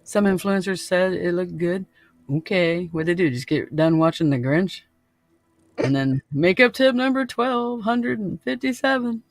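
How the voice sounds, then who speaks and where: Guy podcast host, kinda high voice, chill and cussing a lot, laughing, dry close mic. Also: fairly even intonation, a little slow, dry recording. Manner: laid-back, swears freely, laughs often. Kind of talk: casual chat.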